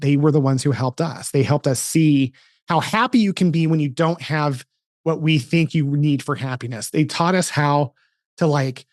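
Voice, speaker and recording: A man's voice: fairly high pitch, no echo, studio quality. A man in his forties hosting a podcast, telling a story in casual conversation with lots of restarts and asides. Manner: animated storytelling with frequent restarts. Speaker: podcast host.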